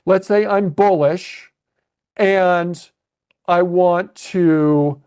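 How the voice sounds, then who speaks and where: A man's voice: high-pitched, very slow, a little mellow, smooth. A man coaching a live webcast lesson on options trading, thinking aloud as he clicks through trades on his screen and checks in with "okay?". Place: at a computer narrating a screen share.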